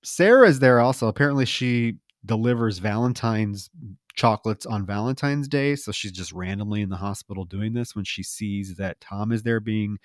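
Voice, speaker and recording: A man co-hosting a podcast, recapping a film plot in a casual, animated way. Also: fairly low pitch, normal speed, no echo, clean studio sound. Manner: animated retelling with lively emphasis. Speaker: podcast co-host.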